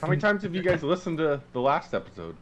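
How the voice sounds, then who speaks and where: A man's voice: on the high side, sing-song, fast talker, lo-fi sound. A man co-hosting a podcast in casual chat, dropping dry, joking asides. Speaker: podcast co-host. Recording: noisy background.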